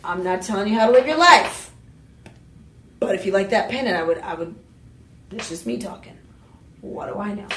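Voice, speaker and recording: A woman hosting a live home shopping show, pitching jewelry in a chatty, exuberant way with playful asides. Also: lively intonation, normal speed, long pauses, a bit bright, a little hiss or hum. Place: TV shopping studio. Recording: roomy studio sound, mic at a distance.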